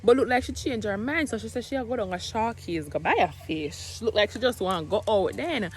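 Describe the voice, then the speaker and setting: A woman's voice: mid-range voice, animated, a little fast. A young Jamaican woman talking casually to camera in a home vlog, chatty and rambling, slipping into patois. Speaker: vlogger, single mother.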